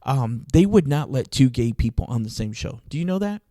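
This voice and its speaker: A man casually telling an animated story on a podcast, laughing often. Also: mid-range voice, fairly quick, no room sound. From Arizona, US. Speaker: podcast host.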